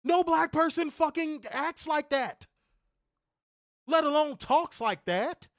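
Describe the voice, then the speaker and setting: This is a man with a strikingly high voice, co-hosting a casual podcast. He rants in a profane, exasperated way. The sound is dry and close, with no room echo. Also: lively intonation, slow pace, a bit bright. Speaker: co-host of wrestling review show.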